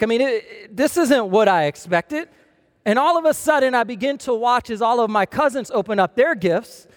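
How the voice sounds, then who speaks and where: A young male pastor with a notably high voice delivers a lively, storytelling sermon. His words ring with the long reverb of a big church hall. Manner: storytelling, animated and humorous.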